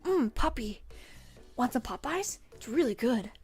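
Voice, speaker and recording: A woman putting on a soft, coaxing anime-boy uwu voice. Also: lively intonation, measured pace, soft background music. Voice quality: breathy, high uwu voice.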